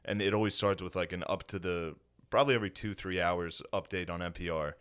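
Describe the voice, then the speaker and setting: Laid-back, low-voiced joking man. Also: quick pace, fairly bright tone, clear, resonant tone. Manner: laughing, joking, slangy. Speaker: podcast co-host. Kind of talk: casual podcast chat.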